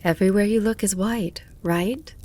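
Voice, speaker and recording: A woman's voice: medium pitch, moderate pace, dark tone, slight background noise, close to an everyday voice. A woman reading a patient witch mother. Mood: instructive. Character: caring witch mother giving flying advice.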